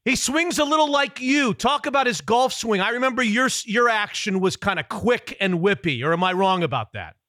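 A man hosting a sports radio interview, asking brisk, joking questions about golf. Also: high voice, animated, bright, forceful tone, dry recording, clean studio sound. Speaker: radio host.

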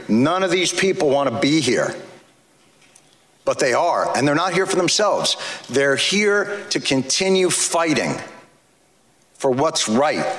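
A man giving angry, impassioned testimony at a hearing, speaking forcefully and cutting into his listeners. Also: a little high. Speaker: advocate testifying before a legislative hearing. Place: large hearing room. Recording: roomy hall echo.

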